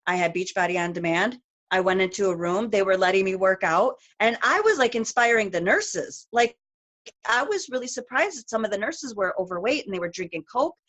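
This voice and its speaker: A woman's voice: mid-range voice, animated, a bit bright. Emotional, chatty middle-aged woman storyteller. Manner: emotional, rapid storytelling with many fillers. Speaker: guest speaker. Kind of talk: personal testimony on a group call.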